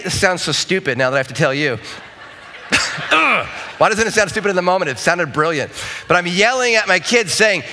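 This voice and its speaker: A male pastor delivering a sermon with a high, bright and forceful voice. He talks in a relaxed, story-driven way, pokes fun at himself, and gets animated when he acts out his own words. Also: brisk. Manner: conversational storytelling, self-deprecating, animated when quoting himself.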